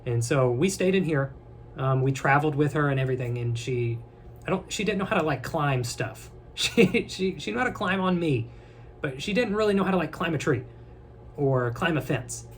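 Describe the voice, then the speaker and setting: A young man talking straight to his viewers in a loose, rambling way, his voice sitting a little high. He jokes, trails off and restarts, and there's a faint hiss under the recording. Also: lively intonation. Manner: rambling, joking, then tearful and halting. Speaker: vlogger. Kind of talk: casual rambling to camera.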